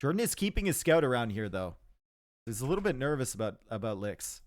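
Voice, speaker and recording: A man's voice: mid-range voice, very animated, a little fast, dry recording, studio quality. A man with a Canadian accent giving upbeat, chatty live commentary on a strategy game match and answering his chat. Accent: Canadian English. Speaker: game caster.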